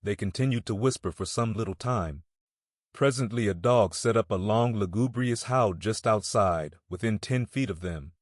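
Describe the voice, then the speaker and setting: A man narrating a classic novel in a measured, storytelling reading. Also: on the low side, no room sound, clean studio sound. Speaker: audiobook narrator. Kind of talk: scripted narration.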